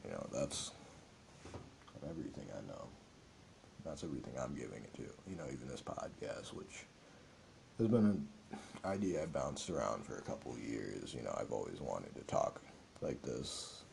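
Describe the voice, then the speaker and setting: A young man hosts his own podcast, speaking alone in an earnest, meandering way full of filler words. His voice sits very low with a gravelly fry and a dark, mellow tone. Faint background noise hums under the recording. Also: big pitch swings, normal speed, pauses often. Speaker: podcast host. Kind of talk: reflective solo podcast monologue.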